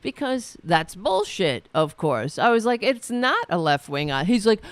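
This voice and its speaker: A woman's voice: mid-range voice, very animated, measured pace, few pauses, dry recording. A woman hosting a political talk show, retelling an argument in a casual, exasperated way, swearing freely and restarting her sentences often. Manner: profane, exasperated, many restarts and fillers. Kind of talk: casual spoken commentary, retelling a debate.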